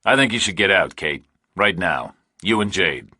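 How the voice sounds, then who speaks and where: A man's voice: low-pitched, big pitch swings, normal speed, bright, forceful tone, slightly rough, no room sound, clean studio sound, heavily acted. A man playing a blunt, terse lone hero. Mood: firm. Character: blunt, steady ex-military drifter hero.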